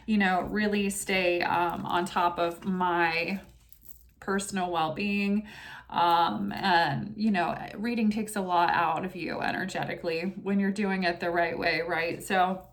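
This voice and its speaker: A woman's voice: fairly low pitch, slow pace. A woman doing a tarot reading in a chatty, casual way, full of asides like "you know" and "right?", who also recites short prayers. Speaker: tarot reader.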